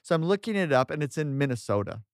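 A man's voice: on the high side, sing-song, fast talker, clean tone, no room sound, clean studio sound. A man co-hosting a podcast in casual chat, enthusiastic and rambling, often restarting his sentences. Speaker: podcast co-host.

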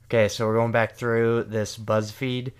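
Co-hosting with his partner, a young vlogger keeps the couple chat casual, full of jokes, rambling and self-deprecation. He speaks a little slowly in a clear, resonant, medium-pitched voice with a level tone.

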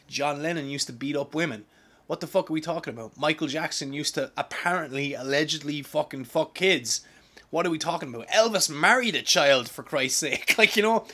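A young man from Ireland hosting a podcast, talking in an excitable, profane, rambling way with many restarts. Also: mid-range voice. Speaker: podcast host. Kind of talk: casual podcast monologue.

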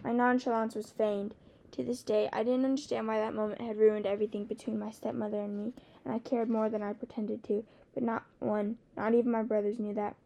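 Mellow woman with a gravelly fry. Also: fairly high pitch, little pitch movement, a little fast. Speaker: audiobook narrator. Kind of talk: first-person novel narration.

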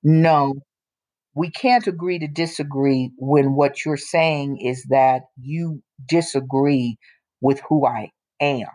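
A woman co-hosting a casual opinion chat, talking bluntly and emphatically and slowing down to press her points. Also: very deep voice, steady tone, mellow. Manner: emphatic, blunt, drops into slow deliberate points. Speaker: co-host.

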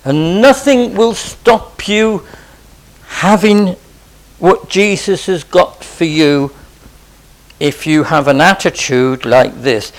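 A man's voice: on the high side, slow pace. A man preaching a sermon in an impassioned way, pressing his listeners with repeated urgent pleas and rhetorical questions.

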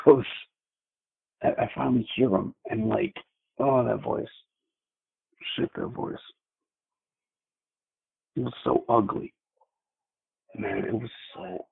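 Husky low-voiced man on a phone line. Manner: halting, repeats words, many fillers. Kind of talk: telling a frightening personal story.

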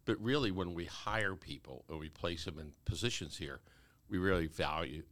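A man's voice: low-pitched, normal speed, fairly bright tone, no room sound. A man co-hosting a podcast, speaking earnestly in casual chat about his business.

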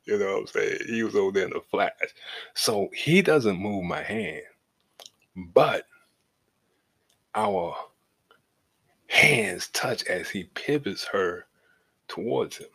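A middle-aged man with a low, husky voice tells a story from his own life on his podcast. He talks loose and profane and keeps checking in with the listener. His telling swings from laid back to heated. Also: lively intonation, slow pace, long pauses, a bit bright. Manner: loose and profane, leaning on "you know what I'm saying". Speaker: podcast host. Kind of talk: casual storytelling.

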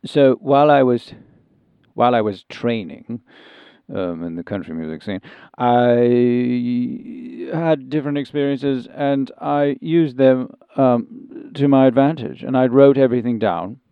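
A man's voice: mid-range voice, a little slow, smooth, no room sound, dull audio, close to an everyday voice. A man doing a dithering posh English gent. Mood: earnest. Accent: English, Sussex. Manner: hesitant, rambling, many ums and restarts; prim and genteel. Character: posh English gentleman turned country singer, fussy and dithering. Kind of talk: improvised comedy interview.

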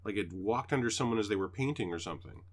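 On a podcast he co-hosts, a man with a lowish voice talks fast while spinning a long story in casual chat. He's an animated storyteller who swears freely and acts out what people said.

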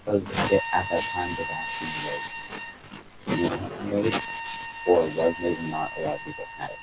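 A man's voice: lowish voice, low-quality recording. A young man talking hesitantly on a casual podcast, full of fillers. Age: young adult. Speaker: podcast co-host.

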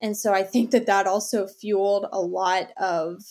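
A woman's voice: medium pitch, steady tone, normal speed, a little mellow. Young woman, podcast guest, earnest, open, conversational. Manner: open, earnest, says "y'all"-style casual "like". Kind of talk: personal story in interview.

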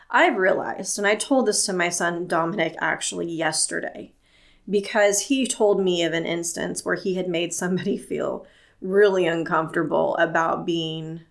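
Woman podcast host, solo monologue, earnest and plain-spoken, slow delivery. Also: lowish voice, gravelly.

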